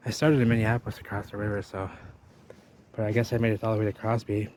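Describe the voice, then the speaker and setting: A man's voice: lowish voice, flat delivery, fast talker, a little mellow, slight background noise. A man narrating an exploring vlog outdoors, rambling to viewers while he walks and points things out. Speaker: vlogger. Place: outdoors by a river wall.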